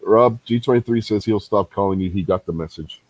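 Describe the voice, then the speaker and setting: A man's voice: lowish voice, fairly quick, darkish tone, dry recording, rough recording. A man co-hosting a casual podcast chat, acting out phone calls in exaggerated voices. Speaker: podcast co-host. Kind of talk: casual banter.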